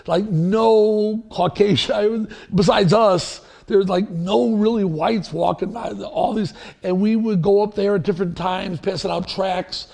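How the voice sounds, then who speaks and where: Gravelly high-voiced male pastor. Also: a little mellow. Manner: anecdotal, rambling with restarts and chuckles. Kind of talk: sermon. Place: church sanctuary.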